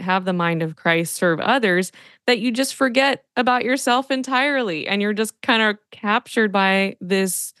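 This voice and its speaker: A woman's voice: medium pitch, clean tone, dry recording, clean studio sound. A woman hosting a podcast, reflecting aloud and asking thoughtful questions. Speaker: podcast host. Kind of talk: podcast interview.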